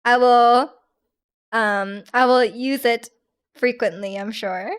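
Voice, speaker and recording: Brief: young woman streamer, high bright pitch, chatty and giggly, loose casual delivery. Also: fairly even intonation, takes it slowly, clean tone. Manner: chatty, giggly, many restarts and "like". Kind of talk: casual chat reading viewer comments.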